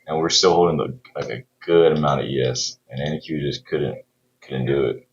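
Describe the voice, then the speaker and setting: A man's voice: very deep voice, fairly even intonation, normal speed, muffled recording. A man talking casually while day trading, laid-back and slangy, often saying "bro" and swearing. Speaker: day trader streaming his trades.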